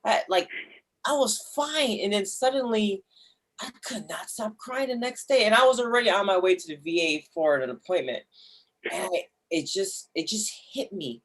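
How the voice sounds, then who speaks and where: Young guest spilling a personal story, cusses, acts out the voices in their head, mid pitch. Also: lively intonation, moderate pace, fairly bright tone. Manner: emotional, swearing, restarts, acts out inner voices. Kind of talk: candid storytelling.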